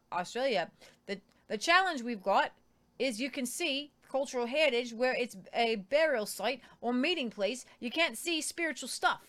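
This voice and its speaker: A woman co-host with a middle-pitched voice reads news stories aloud and adds her own comments. She stumbles and restarts often, filling gaps with ums. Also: fairly bright tone.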